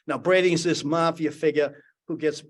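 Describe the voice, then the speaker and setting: A Boston-area panelist in his seventies recounts a rambling anecdote at a conference, full of restarts. His voice sits on the high side, with a steady tone and moderate pace.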